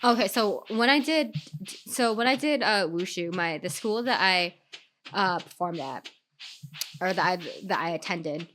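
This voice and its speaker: A woman's voice: fairly low pitch, expressive, a little slow, a bit bright, a little hiss or hum. A sick-sounding woman streaming a game, rambling casually with fillers, restarts and swearing. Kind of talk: casual gameplay commentary.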